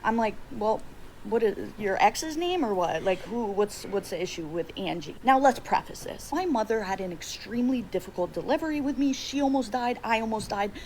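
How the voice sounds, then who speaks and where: Woman, casual storytime delivery, animated, acts out shouting, light background noise. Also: fairly high pitch, normal speed, poor audio. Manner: expressive, acts out quoted yelling. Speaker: storyteller in clip.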